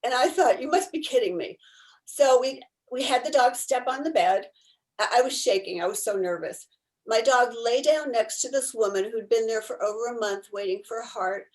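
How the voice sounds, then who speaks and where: Woman, fairly high voice, animated storyteller, video call, laughs often. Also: moderate pace, low-quality recording. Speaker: therapy dog volunteer.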